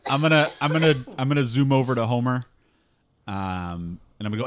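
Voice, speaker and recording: A man's voice: medium pitch, animated, a little fast, a little hiss or hum. A man playing a tabletop game, casual and hesitant, with many fillers. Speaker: player.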